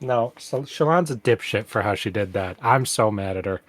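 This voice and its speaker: A man's voice: on the low side, moderate pace, no room sound. A man co-hosting a casual book-discussion podcast, talking emphatically and argumentatively, cursing freely, recorded on a microphone. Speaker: podcast co-host. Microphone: studio mic.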